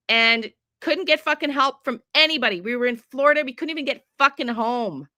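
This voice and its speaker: Ranting profane woman, bright voice. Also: sits high, brisk, few pauses, no room sound, clean studio sound. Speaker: true crime tarot livestreamer. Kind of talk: casual livestream talk with chat.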